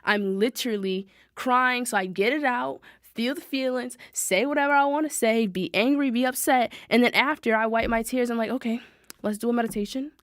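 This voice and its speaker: A young adult woman, hosting a podcast in an animated, chatty self-help monologue that addresses listeners directly. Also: on the high side, moderate pace, no echo, clean studio sound. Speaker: podcast host. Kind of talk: casual motivational monologue.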